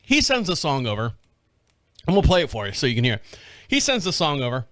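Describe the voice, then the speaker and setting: An American man hosts his own show and tells a long, rambling story in a casual monologue, restarting his sentences often and swearing now and then. His voice sits a little high for a man. The sound is close and dry, with no room around it. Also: a little fast, no room sound. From United States. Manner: rambling, animated retelling with frequent restarts and laughs. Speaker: podcast host.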